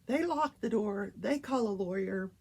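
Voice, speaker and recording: Older woman, talk show host, casual storytelling, gravelly, husky, animated. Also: medium pitch, unhurried. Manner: animated, acts out quoted voices.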